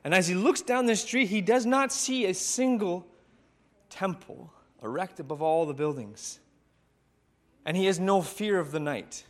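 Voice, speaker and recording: Male pastor telling a sermon story, unhurried, reflective, with long pauses. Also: high-pitched, lively intonation. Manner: slow, reflective, with dramatic pauses.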